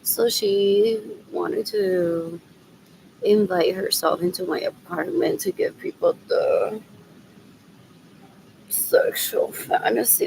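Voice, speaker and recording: Gravelly-voiced woman rambling to the camera. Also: fairly high pitch, big pitch swings, measured pace, a little mellow, a little hiss or hum, rough recording. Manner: rambling, drifting between mumbling and whispering; mixes in Spanish phrases. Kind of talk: rambling solo livestream talk.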